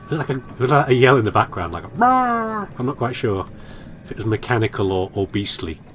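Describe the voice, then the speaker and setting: Soft background music plays beneath a man's fast, lowish voice. He's a gaming commentator narrating his horror game playthrough as let's play commentary, playful and musing and ready to laugh at himself.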